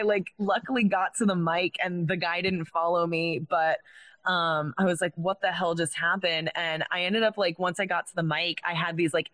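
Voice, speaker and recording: A woman's voice: fairly low pitch, fairly bright tone. A young woman, a stand-up comedian, telling a personal story in a casual chat and filling her speech with "like". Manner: chatty, fills speech with "like".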